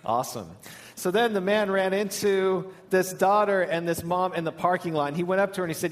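Pastor guy preaching, telling a funny story, voice on the higher side. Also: fairly quick. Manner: warm storytelling with humor. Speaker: lead pastor. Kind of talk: sermon.

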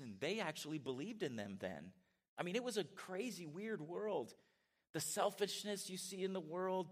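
A middle-aged man preaching a sermon in a church, animated and conversational, with asides to his congregation. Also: on the high side. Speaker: pastor. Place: church sanctuary.

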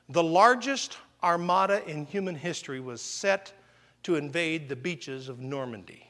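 A man preaching a sermon in a church, telling stories with lively swings between loud outbursts and hushed, slow emphasis. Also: on the high side, big-room sound. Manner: animated storytelling, swings from loud exclamations to quiet emphasis.

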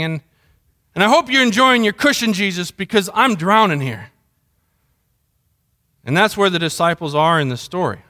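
A man's voice: high-pitched, pushed and bright, clear, resonant tone. A middle-aged man preaching a sermon as pastor, conversational and full of storytelling. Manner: conversational storytelling, mimics sounds.

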